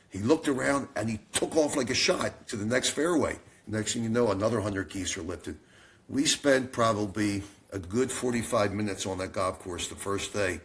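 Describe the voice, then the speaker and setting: A man who founded a company, telling a long story as a podcast guest and acting out the people he quotes. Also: fairly low pitch. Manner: animated storyteller, acts out quoted dialogue.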